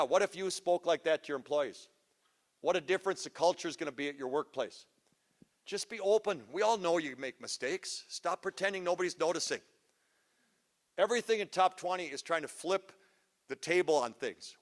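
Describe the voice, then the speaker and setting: High-voiced man working a crowd. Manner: punchy, teasing, quizzes the crowd. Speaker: speaker at parent workshop. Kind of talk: energetic audience talk. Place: auditorium, live audience. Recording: live hall with long reverb.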